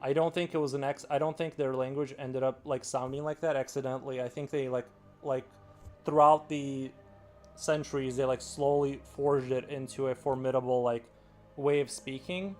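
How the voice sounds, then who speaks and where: A man hosting a live stream, talking loosely to his viewers. He wanders from thought to thought and fills his sentences with "like" and "um." His pitch sits in an ordinary middle range. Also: little pitch movement, moderate pace, a little mellow, faint music behind. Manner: rambling, heavy filler "like". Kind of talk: casual live-stream chat.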